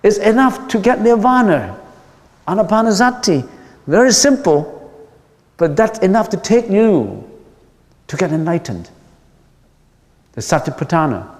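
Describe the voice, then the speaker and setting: A man's voice: high-pitched, very animated, a little slow, pauses often. A man, a Buddhist monk, giving a dharma lecture in a patient way, repeating key points with frequent ums. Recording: long hall reverb.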